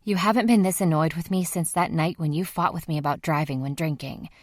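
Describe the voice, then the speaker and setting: A woman's voice: low-pitched, brisk, no echo, studio quality. A woman playing a blunt teasing woman. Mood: pressing. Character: blunt, teasing adult woman, the narrator's younger self in scenes.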